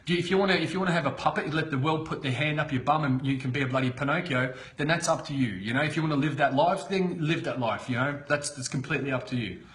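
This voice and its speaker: A man giving an unscripted motivational talk on a live stream, blunt and excitable, swearing constantly. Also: a little high, fast, few pauses. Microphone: computer webcam.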